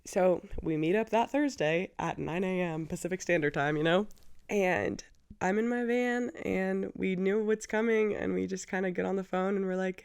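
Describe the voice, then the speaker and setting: A podcast host in her twenties tells a personal story on her own show, candid, chatty and emotional, full of "like"s and "you know"s. Her voice is medium-pitched, gravelly yet smooth, darkish in tone, with fairly even intonation and a moderate pace.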